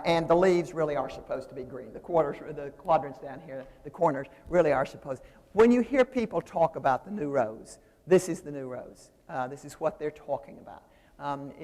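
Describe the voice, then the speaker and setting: An older woman giving a lively, discursive seminary lecture while explaining at a drawing board. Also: deep voice. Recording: reverberant lecture hall.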